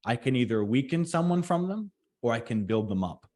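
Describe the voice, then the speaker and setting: Deliberate man on a trade podcast. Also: medium pitch, animated, darkish tone. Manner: deliberate, reflective, speaks slowly on purpose. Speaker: podcast co-host. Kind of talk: casual podcast chat.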